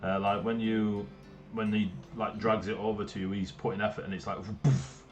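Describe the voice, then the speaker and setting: Male game master, low and chatty, faint background music over a call. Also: little pitch movement, moderate pace. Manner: laughing, loose and chatty, plays shopkeepers briefly.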